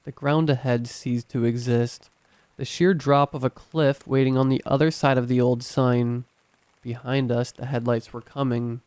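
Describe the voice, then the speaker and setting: A man narrating a scripted horror story in a measured, tense storytelling manner. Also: medium pitch, level tone, a little mellow, clean tone, dry recording.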